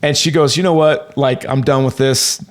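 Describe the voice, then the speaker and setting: A man in his thirties telling a long personal story as a podcast guest, rambling and animated, with many fillers and restarts. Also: mid-range voice, normal speed. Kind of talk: casual storytelling.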